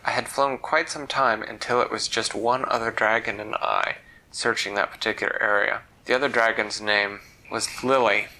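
A man's voice: on the low side, steady tone, normal speed, sharp tone, poor audio. A man telling a fantasy story aloud, leisurely and repeating words for effect. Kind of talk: oral storytelling.

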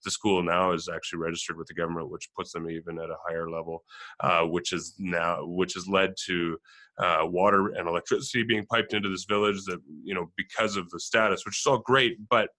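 A man hosting an interview, talking in a relaxed way and telling stories with fillers. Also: low-pitched, fairly quick. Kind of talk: conversational interview.

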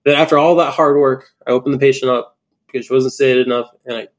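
A man casually telling a story about a surgical mistake, animated and quoting his own reactions. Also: mid-range voice, quick pace. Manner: animated storytelling with quoted inner voice, swearing. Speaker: implant dentist telling a case story. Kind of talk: casual podcast chat.

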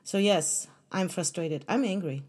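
A woman's voice: on the low side, measured pace, darkish tone, husky. A woman hosting her own podcast, talking earnestly and conversationally to listeners, with fillers and restarts. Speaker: podcast host. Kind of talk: solo podcast monologue.

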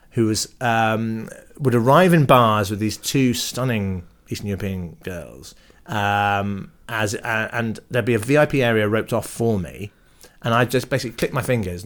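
A man, an actor and podcast guest, chatting casually and telling stories with self-deprecating jokes. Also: lowish voice.

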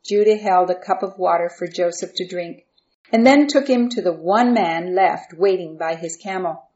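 A woman reading a Bible story aloud in a calm, steady storytelling voice. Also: lowish voice, normal speed, highs cut off.

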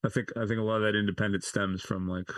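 A man's voice: lowish voice, flat delivery, fast, no room sound. A man, likely in his thirties, as a podcast guest telling personal stories in a rambling way, with many "like" fillers and restarts. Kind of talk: casual interview storytelling.

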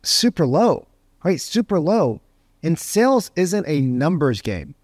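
A middle-aged man with a slightly high voice teaching sales technique with lots of energy. He talks conversationally, tossing in "right?" and jumping into lively play-acted phone calls. The sound is dry and close. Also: slow pace, dry recording. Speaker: sales coach.

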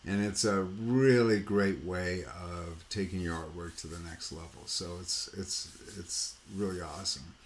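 A man's voice: low voice, measured pace, hardly any pauses, a little hiss or hum. A man hosting a painting podcast, telling a rambling anecdote in casual chat, with lots of "you know" and "like" and sound effects he mimics himself. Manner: animated, mimics sounds and voices while telling stories. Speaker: painting coach and podcast host.

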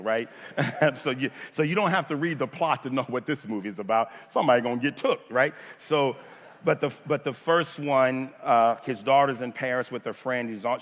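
A man preaches a sermon in a church, with a mid-pitched voice that builds to fervent repeated phrases and then drops into relaxed, chatty asides. The long reverb of the hall trails behind every line. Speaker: pastor. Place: church sanctuary.

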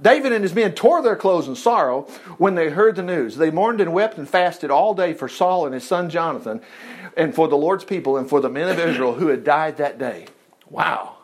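Animated preacher, high and lively. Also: male voice. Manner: expressive, reads scripture aloud and comments with exclamations. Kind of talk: animated Bible teaching.

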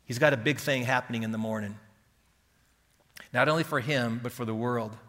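A man preaching a sermon with passion, dropping to hushed tones and rising to loud pleading. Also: medium pitch, normal speed. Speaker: pastor. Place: church hall. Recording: reverberant hall.

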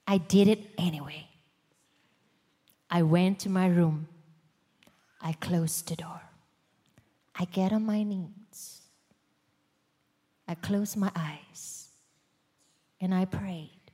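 A woman giving a sermon testimony in a church, swinging from loud urgent passages to hushed whispers. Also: medium pitch, slow, pauses often, slightly rough. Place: large church hall. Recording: long hall reverb.

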